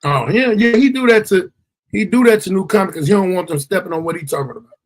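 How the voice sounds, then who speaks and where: A man's voice: high-pitched, fast talker. A man hosting a podcast, chatting loosely with profanity and frequent stammered restarts. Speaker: podcast host. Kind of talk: casual podcast chat.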